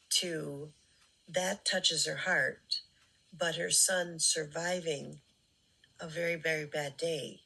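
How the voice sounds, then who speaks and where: A woman commentator speaks in a low, unhurried voice with a gravelly, husky texture. Her tone is sarcastic and critical as she remarks on clips, pausing often with fillers. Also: pushed and bright, rough recording. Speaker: commentary channel host.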